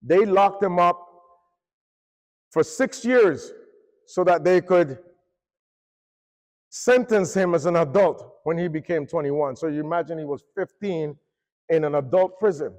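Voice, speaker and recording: High-voiced man preaching in a reverberant church. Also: measured pace, long pauses. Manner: animated, rises and falls in pitch and force. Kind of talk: sermon storytelling. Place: church hall.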